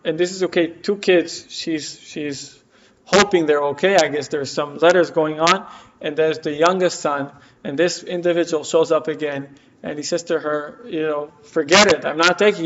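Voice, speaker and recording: The speaker, a man whose voice runs on the high side, tells a story while teaching a class at a community center, his intonation fairly even and his speed normal. He uses many fillers and restarts and acts out the quotes, captured in a dull lo-fi room recording.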